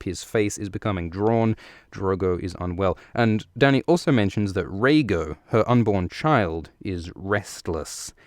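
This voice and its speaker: Podcast host, very low smooth voice, jokey casual recap. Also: male voice, dry recording, studio quality. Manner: joking, profane, rambling with fillers.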